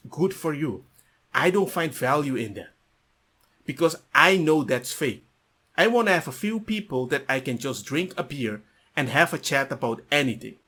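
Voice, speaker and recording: A man giving casual reaction commentary on his channel, animated and rambling, breaking into loud laughter. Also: fairly high pitch.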